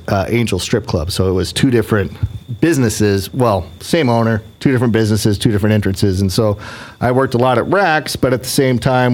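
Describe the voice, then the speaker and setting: A man's voice: on the low side, a little mellow. A man hosting a podcast, telling a long story in casual chat, repeating words and swearing offhand. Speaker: podcast host.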